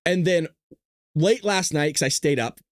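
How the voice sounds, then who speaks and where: A man's voice: a little high, unhurried, dry recording, studio quality. A man hosting a casual news commentary stream who swears, jokes, and keeps breaking into giggles, sounding tired from staying up late. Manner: profane, joking, breaks into giggling laughter. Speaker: host.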